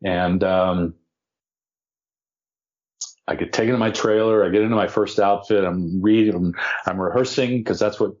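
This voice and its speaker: A man tells a casual anecdote from his acting days, his speaking voice sitting on the lower side. He slips into the other people's voices as he quotes them. The recording sounds dull and lo-fi. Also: normal speed, long pauses. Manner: animated, acts out quotes of others. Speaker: actor telling a story. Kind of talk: casual storytelling.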